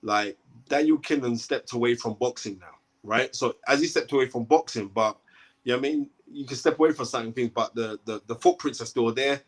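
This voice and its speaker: A man's voice: mid-range voice, fairly quick, breathy edge. A man, a boxing commentator, talking emphatically as a guest and often checking in with "right?". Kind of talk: animated interview talk.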